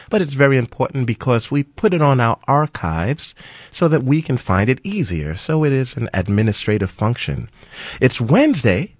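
A man's voice: medium pitch, dry recording, studio quality. A man at the radio console giving station IDs and plugs in loose, offhand patter. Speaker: radio board operator.

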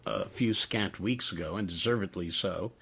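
A middle-aged man hosting a radio interview, talking in a rambling, halting way with many fillers. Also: low voice, gravelly, a crowd in the background. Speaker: radio host.

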